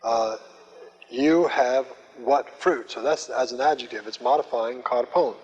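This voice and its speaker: An older man teaching a Greek class, speaking slowly and methodically with frequent pauses and fillers. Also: medium pitch, a little mellow, breathy edge. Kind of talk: classroom lecture. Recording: muffled old lecture recording with long hall reverb.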